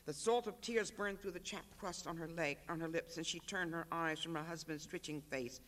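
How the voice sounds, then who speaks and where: An author reading a literary excerpt aloud at a panel, measured and rhythmic. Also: male voice, fairly high pitch, fairly bright tone.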